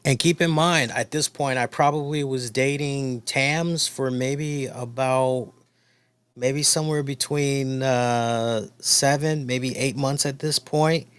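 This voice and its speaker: A man's voice: mid-range voice, steady tone, slow, a bit bright, smooth. A man hosting a wrestling review show, talking in a casual storytelling way and repeating points for emphasis.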